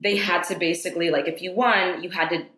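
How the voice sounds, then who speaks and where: A woman's voice: on the low side, steady tone, fairly quick, sharp tone. A woman guest on a podcast, chatting casually and enthusiastically, with a lot of "like" fillers. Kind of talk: casual chat. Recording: echoey room.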